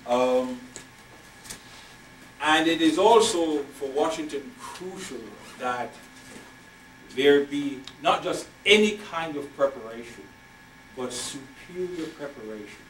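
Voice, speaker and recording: A man's voice: on the high side, a bit bright, slight background noise. Older male professor lecturing with emphasis. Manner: measured, emphatic, repeats key phrases. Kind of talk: university lecture. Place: lecture hall. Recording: echoey lecture hall from far off.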